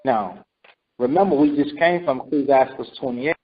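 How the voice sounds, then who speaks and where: Moderately paced and medium in pitch, this man leads a scripture study sermon. He says things more than once and checks in with "right?" and "okay?" The recording is lo-fi and dull.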